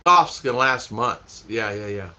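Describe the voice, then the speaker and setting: Speaking slowly in a bright, forceful, mid-range voice, this man is animated as he goes through viewer comments on his casual livestream. He rambles, repeats himself and laughs frequently, all in dull lo-fi stream sound.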